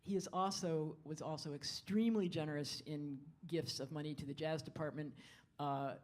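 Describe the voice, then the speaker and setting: A woman speaks from a concert hall stage as a jazz bandleader, addressing the audience between pieces. Her talk is friendly but halting, dotted with fillers and restarts, picked up on a stage microphone. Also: low-pitched, steady tone, darkish tone.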